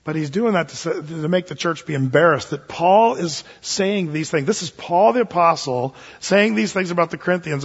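A male pastor preaching a sermon in a relaxed, storytelling way, with frequent fillers and restarts. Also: a little high, brisk, hardly any pauses, slightly rough. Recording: dull sound in a long-reverb hall.

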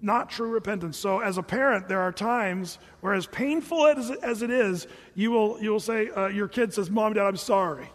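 High-voiced preaching man in reverberant hall. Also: normal speed, few pauses. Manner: conversational preaching, acting out voices of people he quotes. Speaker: pastor. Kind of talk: sermon.

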